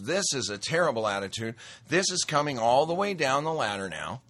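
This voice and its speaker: A man's voice: mid-range voice, sing-song, moderate pace, a bit bright. A man giving a folksy, emphatic political commentary monologue that rambles from point to point.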